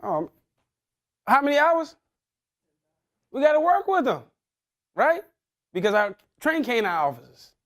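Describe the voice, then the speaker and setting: Lively high-voiced male motivational speaker. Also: unhurried, long pauses. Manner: animated, quizzing the audience with casual slang. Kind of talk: interactive talk to a young audience.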